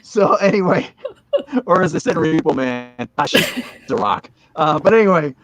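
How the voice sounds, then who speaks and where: A man's voice: on the high side, lively intonation, moderate pace. A man in his fifties, a podcast guest telling a long story in a casual, rambling way, with restarts and chuckles along the way.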